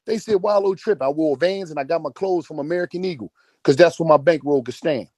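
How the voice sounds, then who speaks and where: Fast-talking, profane man in his forties. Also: fairly high pitch, darkish tone, no room sound. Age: 40s. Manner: profane, emphatic, repeats phrases for emphasis. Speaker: speaker in an online audio chat room. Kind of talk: motivational rant.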